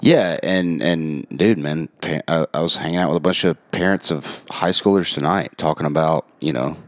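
Man, co-host, very deep voice, dry close mic, agreeable, thinks aloud. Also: moderate pace, no room sound. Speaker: podcast co-host. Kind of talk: casual podcast chat.

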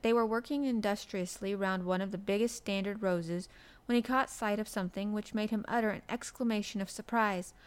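A woman narrating a storybook in a soft, gentle, measured reading voice. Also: mid-range voice, steady tone, clean tone. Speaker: audiobook narrator.

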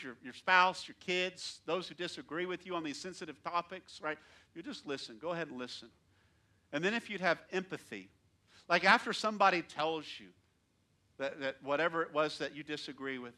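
A male pastor preaching in a church, his voice bright and fairly high for a man. He is animated, pushing hard on key lines and then dropping to soft asides. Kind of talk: sermon.

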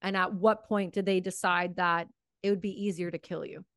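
A woman's voice: fairly low pitch, little pitch movement, moderate pace, fairly bright tone, dry recording, clean studio sound. A woman hosting a podcast who speaks with fiery, emotional passion and swears freely before turning to interview her guest. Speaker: podcast host. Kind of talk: impassioned commentary and interview.

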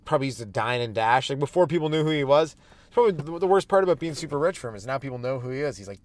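A man's voice: mid-range voice, expressive, a little fast. A man hosting a podcast as a stand-up comedian, riffing crudely and rambling through jokes in a casual monologue.

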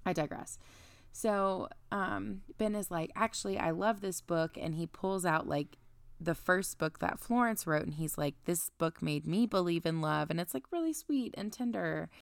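A woman's voice: lowish voice, lively intonation, normal speed, no room sound. A young woman co-hosting a casual book podcast, chattily recapping the plot with lots of "like". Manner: chatty, recaps plot with quoted asides and frequent "like". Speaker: podcast co-host.

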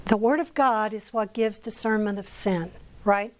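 A woman's voice: medium pitch, moderate pace, rough recording. An American woman teaching a Bible lesson at church in a conversational way, asking her listeners questions as she goes. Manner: conversational, asks the audience questions. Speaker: women's Bible study teacher.

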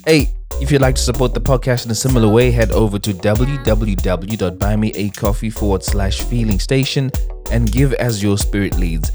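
A man's voice: on the low side, normal speed, over music. A man hosting a podcast, thanking supporters in an enthusiastic, casual way. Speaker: podcast host. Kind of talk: casual podcast host read.

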